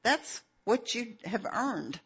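A woman teaching a sermon, reading Bible verses and stopping to explain them in an unhurried, earnest way, with fillers. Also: fairly high pitch, sing-song, slightly rough. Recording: dull lo-fi recording.

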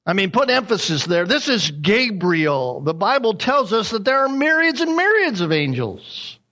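A man's voice: very high-pitched, sing-song, normal speed, pushed and bright. A man preaching a sermon as a pastor, emphatic and repeating his key points.

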